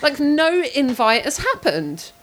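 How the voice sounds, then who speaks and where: A woman with a high voice tells a casual anecdote slowly, animatedly acting out the voices of the people in her story.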